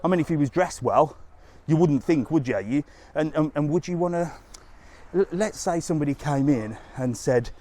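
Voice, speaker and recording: A man's voice: on the high side, animated, moderate pace, dark tone. Chatty blunt Englishman on a live walk. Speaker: travel vlogger livestreaming. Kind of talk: casual live walking stream. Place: outdoors on a seafront promenade.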